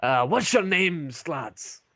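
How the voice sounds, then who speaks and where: A burly, red-bearded dwarf barkeep, played by a man running the game, speaking in a slow, gruff drawl with his voice pushed higher than the narrator's own. He is blunt and sure of himself, and his voice sits in a fantasy tabletop game. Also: big pitch swings, bright, forceful tone, no echo, exaggerated voice. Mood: chatty.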